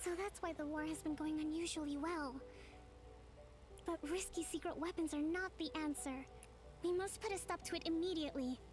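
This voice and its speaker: An actress playing a composed young female resistance leader in a video game, calm and decisive. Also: high-pitched, normal speed, over music, natural voice. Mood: commanding.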